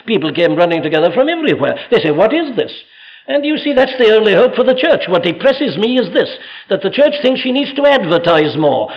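A man preaching from the pulpit in a high-pitched voice, fervent and pleading, building often into loud exhortation. The recording is dull and lo-fi. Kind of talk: sermon. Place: church pulpit.

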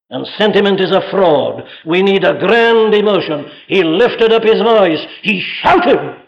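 A man's voice: on the high side, lo-fi sound. A man preaching a fervent sermon from a pulpit, rising often into strong exhortation. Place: church pulpit.

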